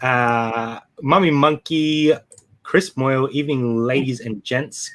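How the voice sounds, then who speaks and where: A man's voice: mid-range voice, fairly even intonation, takes it slowly, fairly bright tone. An Australian man co-hosting a live stream, chatting casually and reading out names from the chat. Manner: laid-back, reads out chat names. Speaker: co-host of a live reselling show.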